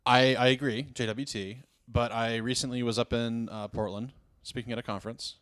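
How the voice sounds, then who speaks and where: A man's voice: medium pitch, flat delivery, moderate pace, fairly bright tone, smooth. Southern man, chatty podcast guest, rambling, self-deprecating. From American South. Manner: rambling, self-mocking, many restarts. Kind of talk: casual chat.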